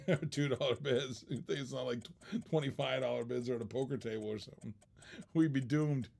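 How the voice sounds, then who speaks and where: A man's voice: medium pitch, a little fast, gravelly, darkish tone, husky. A man hosting a live-stream auction in casual chat, laughing often and teasing the bidders.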